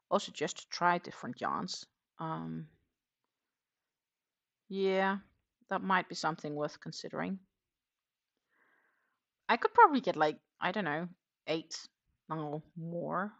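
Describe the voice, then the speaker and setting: A woman hosting a crochet livestream, chatting in a relaxed, rambling way while she works. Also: deep voice, measured pace, vocal fry, pauses often. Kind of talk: casual livestream chat.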